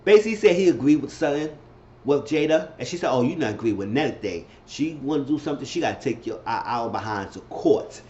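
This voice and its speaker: A man's voice: medium pitch, animated, fast talker, dark tone, muffled recording. A man casually recapping a reality show episode, repeating himself and acting out what the cast said. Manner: chatty, repeats himself, acts out quotes in shifting voices.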